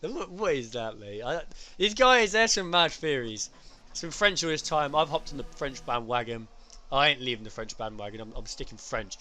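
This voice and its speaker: A man's voice: mid-range voice, expressive, pushed and bright. A man doing live commentary for an online racing league, chatty and joking with his co-host. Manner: chatty, jokey, quick banter with co-host. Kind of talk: live race commentary on stream.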